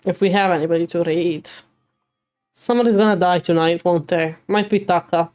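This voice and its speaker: A woman's voice: lowish voice, brisk, darkish tone, dry recording, soft background music. A young adult woman streaming a game live, reading the dialogue aloud and reacting emotionally between lines.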